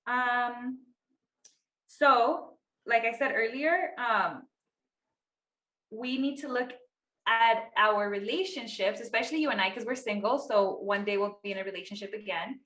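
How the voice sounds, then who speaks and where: A woman's voice: a little high, measured pace, bright, forceful tone, echoey room. A woman in her thirties co-hosting a podcast in casual chat, talking loosely with lots of fillers and acting out quotes. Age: 30s. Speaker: podcast co-host.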